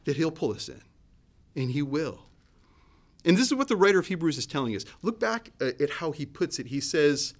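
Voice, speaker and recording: A man preaching a sermon in a conversational, searching way, often restarting his sentences. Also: fairly quick. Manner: conversational, searching, with restarts and lively swings in pitch and loudness. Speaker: pastor.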